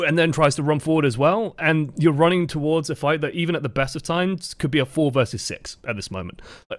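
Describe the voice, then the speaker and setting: A man's voice: on the high side, brisk, dry recording, clean studio sound. An English man coaching over gameplay footage, talking in a casual, rambling and profane way. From England. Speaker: game coach. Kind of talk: gameplay review commentary.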